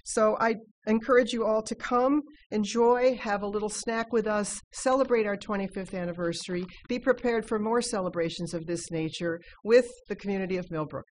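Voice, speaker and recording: A woman's voice: medium pitch, moderate pace, few pauses, darkish tone, a little hiss or hum. A woman, a guest on a radio show, speaking earnestly about an event, with frequent fillers. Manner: earnest, promotional, with many uh fillers. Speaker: guest, development officer.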